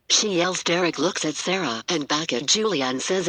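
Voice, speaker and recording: A man's voice: fairly high pitch, expressive, normal speed, hardly any pauses, bright, forceful tone, no room sound, rough recording. A man telling an improvised story in a rambling, muddled way, often correcting himself.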